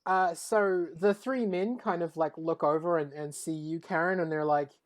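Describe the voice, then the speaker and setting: A woman running a tabletop game as game master, relaxed and hesitant, with lots of fillers. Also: lowish voice, moderate pace.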